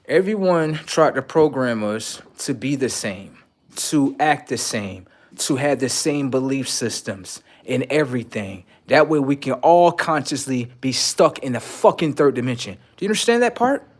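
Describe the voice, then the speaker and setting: A man livestreaming blunt, profane relationship advice, lecturing viewers as "sir" and swinging between loud outbursts and low mutters. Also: animated, normal speed. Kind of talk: casual livestream monologue.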